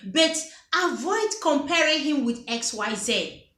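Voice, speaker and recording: A woman's voice: high-pitched, expressive, a little slow, bright, forceful tone. A woman giving relationship advice to camera in a casual, emphatic way, often repeating her phrases. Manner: emphatic, repeats phrases, acts out quoted dialogue. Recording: echoey room.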